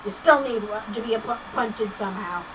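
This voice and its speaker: A woman's voice: fairly high pitch, fairly quick, distant mic, noisy background. A woman chatting casually on a live stream, laughing often and reading chat messages aloud while she works.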